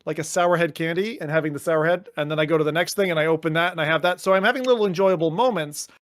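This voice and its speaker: Speaking fast in a slightly high, fairly bright voice, this male co-host keeps the podcast chat casual and lively, putting on mock voices and cursing. The recording is clean studio sound without any room sound.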